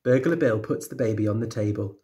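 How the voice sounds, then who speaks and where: A man, a teacher, reading a children's picture book aloud with steady, clear storytelling. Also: fairly low pitch, fairly quick.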